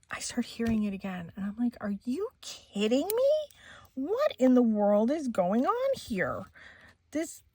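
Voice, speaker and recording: A woman's voice: medium pitch, a little hiss or hum. A middle-aged woman hosting a crafting channel, chatting casually and laughing often as she tells a story while she works. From Maine, USA.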